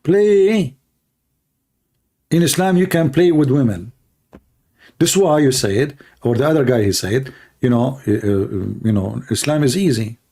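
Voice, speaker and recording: A man hosting a confrontational livestream debate, talking emphatically and challenging his listeners, with a dry throat and frequent throat clearing. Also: mid-range voice, expressive, a little slow, long pauses, warm tone. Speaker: debater and host.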